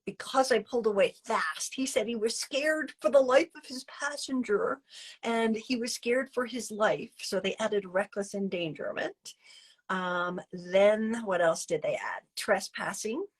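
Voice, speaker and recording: A woman with a husky, slightly breathy voice tells a personal story as an interview guest. Her pitch sits in the middle range, and her delivery is chatty and lively, full of fillers and restarts. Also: unhurried. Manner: chatty and animated, many fillers and restarts, acting out her own past lines.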